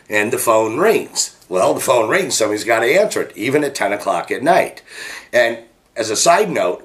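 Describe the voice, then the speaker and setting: Energetic middle-aged man telling a story. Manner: energetic, animated, jumps pitch to act out quotes. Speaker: business coach. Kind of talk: motivational storytelling to camera.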